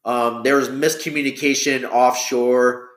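A man's voice: mid-range voice, level tone, measured pace, a bit bright, reverberant. A man casually explaining a piece of history in a rambling way, full of fillers and self-corrections. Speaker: history talker.

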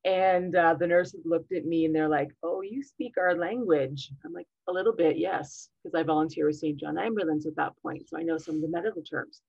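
A woman's voice: low-pitched, fairly quick, creaky, few pauses, slightly rough, no room sound, highs cut off. A woman, a podcast guest, telling a story over a remote call and acting out the voices of the people in it. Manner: animated, acts out quoted dialogue. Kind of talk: casual storytelling interview.

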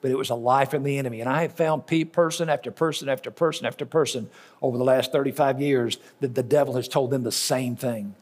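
Speaking fast in a medium-pitched voice with a steady tone, a middle-aged pastor delivers a folksy, story-filled sermon, repeating lines to emphasize them.

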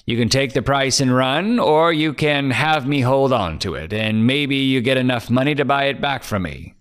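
A man voicing a gruff, suspicious middle-aged pawnbroker who growls out blunt answers. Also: medium pitch, fairly bright tone, pitched above the performer's own voice.

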